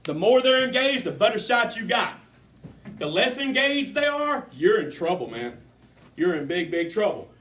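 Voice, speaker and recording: Male sales coach, high-pitched, emphatic and fervent, live-room motivational training talk. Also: big pitch swings, normal speed, slight background noise. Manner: fervent, emphatic, swings between loud and soft.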